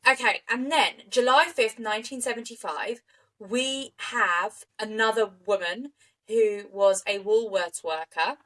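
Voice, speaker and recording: Bright-voiced woman telling a true crime story. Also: a little high, unhurried, low-quality recording. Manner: animated, indignant storytelling. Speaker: podcast co-host.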